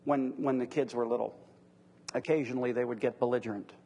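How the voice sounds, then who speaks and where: A man's voice: medium pitch, steady tone, a little fast, mellow, big-room sound, a little hiss or hum. A middle-aged man leading a church class discussion, teaching earnestly through rhetorical questions.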